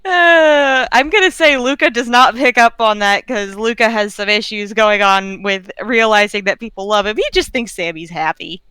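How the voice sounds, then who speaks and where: A woman playing in a tabletop role-play game, narrating her character's actions in a relaxed, amused way. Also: medium pitch, normal speed, hardly any pauses, clean tone, no room sound. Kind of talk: casual role-play chat.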